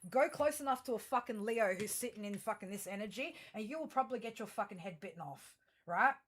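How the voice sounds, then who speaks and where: A woman at a middle pitch delivers a tarot reading straight to her audience. She circles around her points with fillers and restarts. Then she lands them bluntly and emphatically, peppered with swearing. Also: lively intonation, fast. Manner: rambling with many fillers and restarts. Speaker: tarot reader. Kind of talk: astrology tarot reading addressed to viewers.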